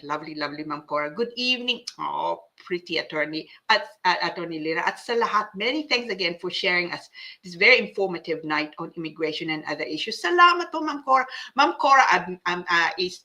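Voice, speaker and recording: A female host reads viewer comments on a casual live show, her voice on the low side with a forceful, bright tone. She's chatty and breezy, mixing English with Tagalog, tossing in asides, and rambling with frequent fillers and restarts.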